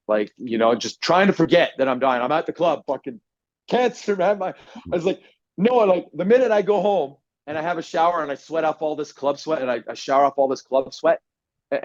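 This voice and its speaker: A man telling a personal story on a podcast, animated and swearing often, acting out what people said. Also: a little high, no echo. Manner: animated, swears a lot, acts out quotes loudly. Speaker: podcast guest. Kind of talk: casual storytelling. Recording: dry, dull lo-fi podcast audio.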